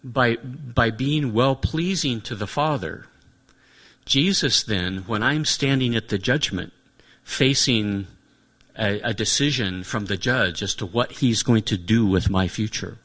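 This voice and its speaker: A man's voice: mid-range voice, unhurried, a bit bright. A man preaching a sermon in an earnest, reflective way, often restating his points.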